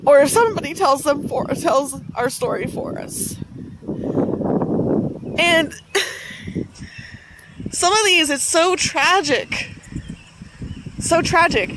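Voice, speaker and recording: A woman vlogging outdoors in a town cemetery, talking in a halting, musing way, repeating phrases and getting emotional. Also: high voice. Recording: outdoor street noise. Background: passing traffic.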